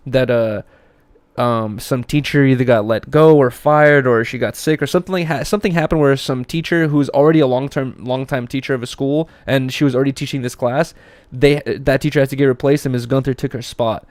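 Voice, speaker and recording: A man's voice: mid-range voice, fairly even intonation, fairly quick, darkish tone, no room sound. A young man hosting a casual podcast, telling rambling stories with lots of fillers and swearing. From Russia. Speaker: podcast host.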